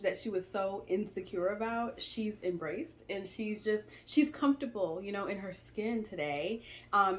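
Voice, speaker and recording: A woman in her forties talking reflectively about family in a casual chat, with many "you know" fillers. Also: mid-range voice. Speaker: stepmother co-host.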